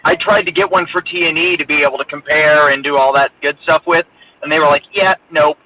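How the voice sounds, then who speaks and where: Male caller, higher voice, jokey and blunt, tinny phone-like line with faint noise. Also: fairly even intonation, fast talker. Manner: joking, blunt. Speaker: call-in guest. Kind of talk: casual livestream chat.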